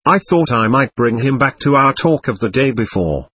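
A man's voice: mid-range voice, lively intonation, moderate pace, bright, forceful tone, slightly rough, no room sound. A man reading as a grieving, proud old captain. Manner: emotional, bitter storytelling. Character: poor, proud, grieving middle-aged male captain.

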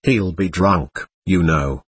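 A man reading a proud, quick-tempered schoolboy. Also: low-pitched, husky, no room sound, pitched below the performer's own voice, heavily acted. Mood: earnest.

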